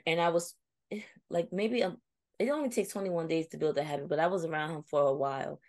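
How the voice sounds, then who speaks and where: A woman's voice: low voice, fairly quick, no room sound. A young adult woman co-hosting a casual chat, telling a reflective story and acting out her friends' replies. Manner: reflective, storytelling, animated when quoting friends. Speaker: co-host.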